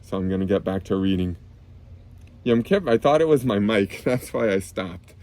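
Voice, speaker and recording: A man reading a children's book aloud outdoors on a clip-on mic, gently explaining each term simply for kids. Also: lowish voice, normal speed, no echo. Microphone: clip-on lapel mic.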